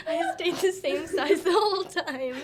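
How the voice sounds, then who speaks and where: A woman's voice: very high-pitched, very animated, slow, a little hiss or hum. A teenage girl in a school farewell interview, playful and giggly. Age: teens. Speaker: student interviewee. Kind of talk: casual chat.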